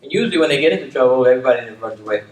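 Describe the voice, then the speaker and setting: A man's voice: medium pitch, animated, racing. An older man and former dean talking reflectively, restating his points with emphasis and often checking in with "okay?". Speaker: community leader and former dean. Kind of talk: reflective conversation. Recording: roomy, distant mic with faint room noise.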